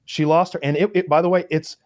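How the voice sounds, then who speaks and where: A man's voice: a little high, quick pace. A man chatting casually on a podcast, telling fight stories and acting out what people said. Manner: animated storyteller acting out quotes.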